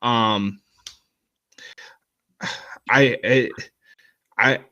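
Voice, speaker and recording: A man's voice: medium pitch, steady tone, extremely slow, bright, forceful tone, muffled recording. A man in a casual sports chat who hesitates and stammers as he starts his points. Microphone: online call.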